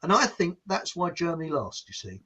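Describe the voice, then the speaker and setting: Husky guy rambling thru a funny story, voice goes up and down loads. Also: on the high side, very animated, fairly quick, a bit bright. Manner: rambling, jokey, breaks into asides. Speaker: podcast host. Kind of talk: casual storytelling chat.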